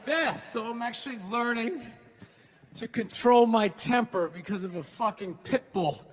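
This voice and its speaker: Man, stand-up comic, high-pitched, animated yelling bursts, live hall reverb. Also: measured pace, a little hiss or hum. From United States. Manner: animated storytelling, loud bursts and acted-out quotes. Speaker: stand-up comedian. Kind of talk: stand-up comedy set.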